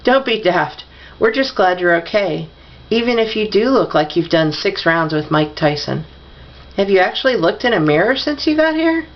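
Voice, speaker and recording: A woman doing a tired father, teasing and jokey, gravelly voice, storybook reading. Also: medium pitch, big pitch swings, moderate pace, highs cut off. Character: joking, tired father teasing his daughter.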